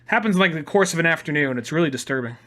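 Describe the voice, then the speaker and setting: A man's voice: a little high, animated, very fast, bright, forceful tone. A man co-hosting a casual podcast, rambling with lots of "like" and restarts and casual swearing. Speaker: podcast co-host.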